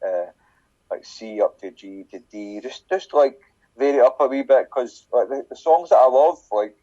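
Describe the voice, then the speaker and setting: A man's voice: medium pitch, normal speed, lo-fi sound. Sweary Scottish man telling a story. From Scotland. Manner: sweary, animated storyteller acting out voices. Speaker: podcast guest. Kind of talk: casual chat, telling a story.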